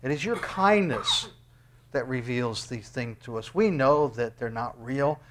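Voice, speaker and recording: The pastor, a man, reads scripture during his sermon and wraps up with prayer. He is expressive and unhurried, alternating high, loud exclamations with low, hushed asides.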